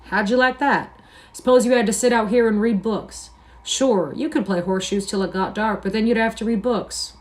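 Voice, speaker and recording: A woman reading a novel aloud plays a lonely, bitter older ranch hand who talks in a slow, drawling, persuasive way. He broods and muses aloud, sometimes scornful, at a middling pitch. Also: natural voice. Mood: brooding, persuasive.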